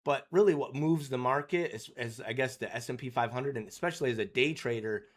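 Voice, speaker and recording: A man giving casual day-trading commentary over charts, rambling and filling his talk with "you know" and "right?", often clearing his throat. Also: medium pitch, brisk.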